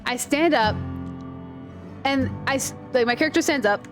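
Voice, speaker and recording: A woman's voice: high voice, normal speed, music in the background. A woman giving casual, rambling commentary while playing a video game and telling stories. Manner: chatty, rambling storyteller. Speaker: gaming video creator. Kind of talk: casual let's-play commentary.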